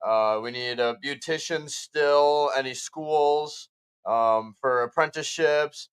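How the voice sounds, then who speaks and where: A man's voice: on the high side, takes it slowly, clear, resonant tone. A man on a radio show's staff, speaking casually and hesitantly with many fillers. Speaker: show staff member. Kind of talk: casual radio talk show chat.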